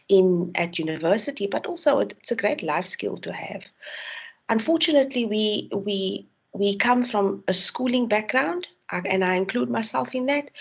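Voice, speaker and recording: A woman's voice: medium pitch, vocal fry, breathy edge, muffled recording. A woman from South Africa, a university tutor giving an online tutorial, explaining with frequent ums and restarts.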